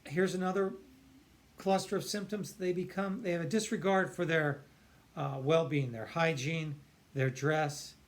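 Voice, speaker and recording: A man's voice: on the high side, steady tone, a little slow. A man, a psychiatrist, explaining earnestly and emphatically, stretching key words and often restarting his sentences. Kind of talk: explanatory talk to camera.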